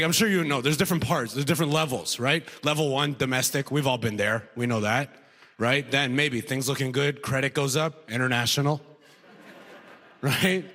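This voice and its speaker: A Canadian man with a medium-pitched, fairly bright voice performs stand-up on a club stage, talking to the crowd in a punchy, conversational way and laughing at his own jokes. The recording has faint noise and long hall reverb.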